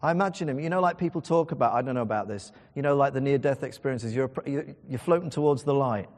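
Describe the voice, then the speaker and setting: A man's voice: mid-range voice, quick pace, a little mellow. A man preaching a sermon in a conversational, emphatic storytelling way. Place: church. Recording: church hall reverb.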